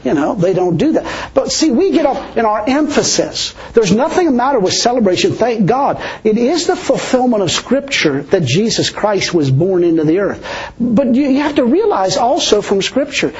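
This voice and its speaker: A man's voice: extremely high pitch, very animated, moderate pace, darkish tone. A man preaching a sermon as pastor, chuckling often and repeating words for emphasis. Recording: dull lo-fi recording.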